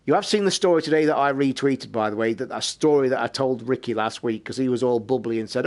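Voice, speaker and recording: A man's voice: mid-range voice, a little fast, few pauses. A British man hosting a live stream, telling a rambling story in a casual, swear-filled way. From United Kingdom. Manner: swears constantly, rambling and animated. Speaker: streamer and podcast host.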